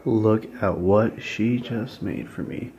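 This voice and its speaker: A man's voice: on the low side, slow pace, dark tone, dull audio. A young man narrating his day to the camera in an upbeat, casual way. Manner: upbeat, talks straight to the camera. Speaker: vlogger.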